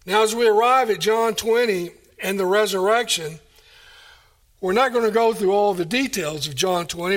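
A man's voice: high voice, a bit bright. A man preaching a sermon, emphatic and full of rhetorical questions. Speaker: pastor.

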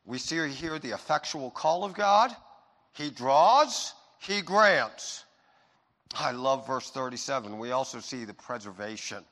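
Man, pastor, sermon, bright forceful voice, loud-to-soft emphasis, long hall reverb. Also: mid-range voice, animated, a little slow. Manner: swings from loud emphatic preaching to soft intimate reassurance.

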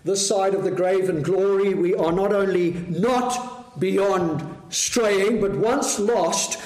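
Man, preacher, sermon, slow and measured, asks the congregation questions, echoey room. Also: sits high, darkish tone.

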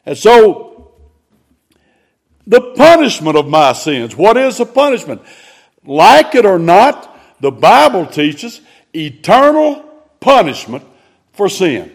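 A man delivers a sermon in a high, gravelly voice. He speaks slowly and emphatically, and his pitch swings widely as he preaches. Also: big pitch swings. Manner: emphatic, drawn-out preaching with sudden rises in pitch.

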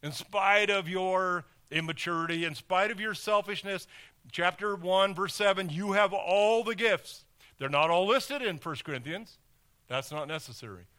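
A man's voice: high-pitched, normal speed, pushed and bright, clean tone. A man preaching a sermon as pastor in a conversational way, with rhetorical questions and sports analogies.

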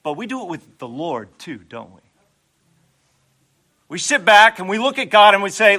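A man preaching with a high, bright voice that leaps all over its range. He delivers his sermon in an animated way, acting out prayers and slipping in playful asides to the congregation. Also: normal speed, long pauses. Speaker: pastor.

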